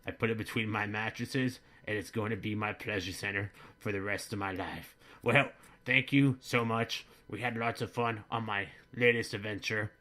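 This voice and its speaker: A man's voice: lowish voice, fairly even intonation, moderate pace, hardly any pauses. Man doing a boorish bigoted dad rambling. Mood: blustering. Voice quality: bright-toned, rambling, crude. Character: boorish bigoted middle-aged American dad. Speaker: comedy vlogger in character. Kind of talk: comedic character monologue.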